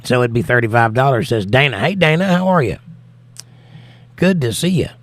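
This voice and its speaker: With no echo on the recording, a sleepless, tired American man reads chat messages aloud on his casual livestream and responds to each. His voice sits in the mid range, with a fairly bright tone and a normal speaking speed.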